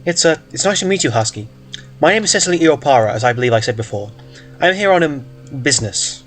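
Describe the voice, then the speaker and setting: A man's voice: fairly high pitch, animated, fast talker, soft background music, lightly acted. A man playing a flustered wordy official. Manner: nervous, stammering and formal.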